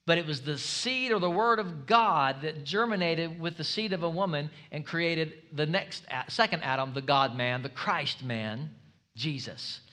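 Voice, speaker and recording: A man preaching a sermon as pastor, energetic and humorous, building up to shouts. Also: on the high side, unhurried.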